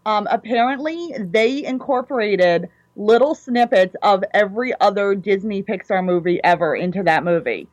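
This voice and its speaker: A woman's voice: medium pitch, lively intonation, normal speed, few pauses, darkish tone, no echo, highs cut off. A woman co-hosting a casual chat, retelling scenes with enthusiasm.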